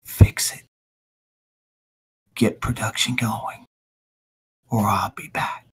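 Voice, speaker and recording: A man voicing a cruel, menacing tall male stranger who speaks in a low, quiet, threatening drawl. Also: steady tone, slow pace, breathy edge, heavily acted.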